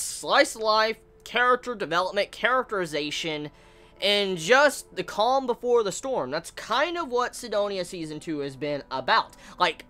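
A woman's voice: medium pitch, fairly bright tone. A woman reviewing an anime episode in a casual video rant, exasperated, swearing often and stammering over repeated words.

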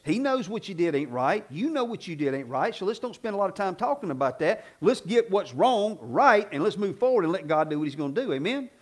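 High-voiced folksy preacher man. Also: sing-song, a little fast, hardly any pauses. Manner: folksy and conversational, rising to loud emphatic preaching. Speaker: pastor. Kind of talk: sermon. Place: church sanctuary.

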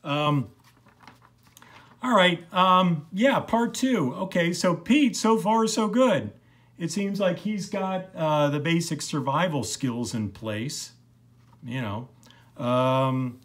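A middle-aged man teaching literature in a relaxed recorded lecture, rambling with many fillers. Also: on the high side, takes it slowly.

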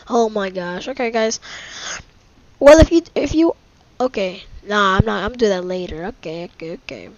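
A woman hosting a casual gameplay video at home, reacting excitably and bickering in exasperation with a friend who keeps teasing her. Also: mid-range voice, a little slow, a little hiss or hum. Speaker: gaming video host. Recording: dull lo-fi mic.

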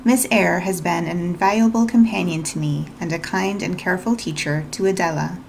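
A woman's voice: fairly low pitch, brisk, gravelly, slight background noise, poor audio. A woman reading the part of a kindly elderly widow who speaks earnestly in praise of another. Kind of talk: read-aloud storybook narration.

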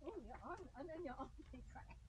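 A woman's voice: sits high, sing-song, quick pace, heavy background noise. A woman chatting and teasing with family in a casual vlog, laughing often. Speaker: family member.

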